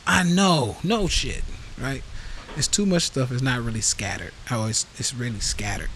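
A man's voice: mid-range voice, big pitch swings, brisk, a bit bright, rough recording. Male podcast host, heated profane rant, mid-range voice, faint background noise. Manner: blunt, profane, heated, reads out live comments. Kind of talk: casual rant to a live audience.

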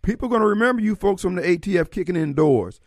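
A man's voice: sits high, expressive, fast talker, no echo, clean studio sound. A man hosting a radio talk show, folksy and fiery, taking callers and giving warnings. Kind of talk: talk radio monologue and call-in.

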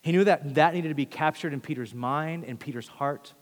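Earnest preacher man with slightly high voice. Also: moderate pace, long reverb tail. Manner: earnest, shifting between hushed and forceful emphasis. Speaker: pastor. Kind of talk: sermon.

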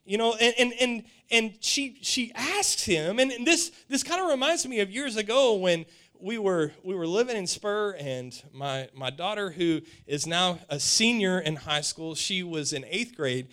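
Male preacher, forties, animated storyteller, high voice that swoops around. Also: unhurried. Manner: animated storytelling, repeats words. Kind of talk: sermon.

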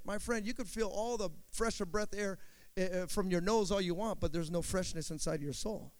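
A male pastor preaching a sermon with call-and-response, swinging between shouted emphasis and hushed storytelling. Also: high voice, normal speed.

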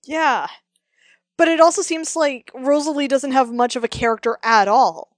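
A woman's voice: high voice, moderate pace, no room sound. A woman in casual chat, giving blunt, wry commentary with plenty of swearing. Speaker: podcast co-host.

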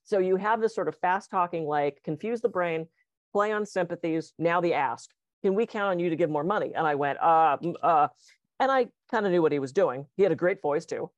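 Fast-talking woman telling stories. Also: on the low side, no echo, muffled recording. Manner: animated, acts out voices in anecdotes. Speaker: hypnotist, podcast guest. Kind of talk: casual conversation.

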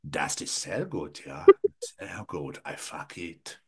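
A man voicing a stern male German Shepherd dog, clipped and gruff. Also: extremely low pitch, sing-song, slow pace, bright, forceful tone, pitched below the performer's own voice, exaggerated voice.

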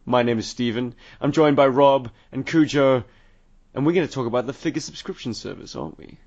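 A man's voice: mid-range voice, expressive, brisk, a little mellow. A man hosting a casual podcast, tipsy, wry and rambling. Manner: rambling, wry, self-mocking. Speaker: podcast host. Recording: dull lo-fi podcast audio.

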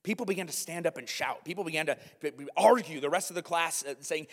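A man's voice: fairly high pitch, quick pace, few pauses. Preaching man in a reverberant church hall. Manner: animated, conversational preaching with asides to the room. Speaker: pastor. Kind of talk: sermon. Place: church hall, live congregation.

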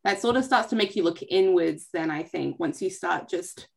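A woman's voice: on the low side, expressive, moderate pace, creaky. An Australian woman hosting a live online interview, chatty and self-deprecating, talking over a video call. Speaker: host, counsellor.

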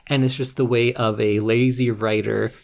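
A man co-hosting a casual movie review podcast, sarcastically retelling the plot with animated asides. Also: mid-range voice, moderate pace, creaky. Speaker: podcast co-host.

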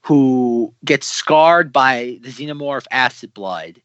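Male podcast co-host, mid pitch, bright tone, dry close lo-fi sound, insistent explainer. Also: lively intonation, takes it slowly, smooth, no room sound. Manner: persistent, interjects with repeated words, explanatory. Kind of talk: casual film discussion.

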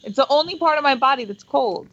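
A giggly, chatty woman with a high, lively voice, joining casual podcast banter. Her sound is dull and lo-fi. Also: fast talker, no room sound. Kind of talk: casual chat.

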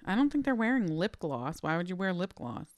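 A woman's voice: on the low side, very animated, brisk, no echo. A woman co-hosting a casual podcast, dry and teasing. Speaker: podcast co-host. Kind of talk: casual chat.

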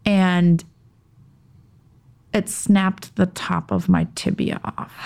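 A woman guest on a podcast telling a personal story in conversation. She talks haltingly, with restarts and pauses, and drops into a tense whisper when she gets heated. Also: on the low side, little pitch movement, creaky, a little mellow.

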